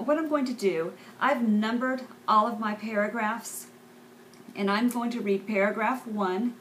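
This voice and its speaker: A woman teaching English vocabulary, pronouncing each word slowly several times and explaining the stresses and syllables. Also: mid-range voice, slight background noise, rough recording. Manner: slow, careful enunciation, repeats each word. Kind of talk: pronunciation lesson, slow repetition.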